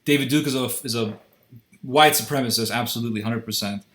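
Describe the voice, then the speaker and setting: A man's voice: mid-range voice, quick pace, fairly bright tone. A man interviewing a guest in a confrontational way, pressing and interrupting with emphatic questions.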